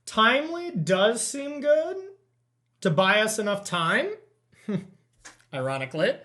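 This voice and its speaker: A man hosting a card game session, thinking aloud as he counts and checks his plays in relaxed, self-amused commentary. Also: sits high, slow pace. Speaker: host playing a card game. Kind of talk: casual gameplay commentary.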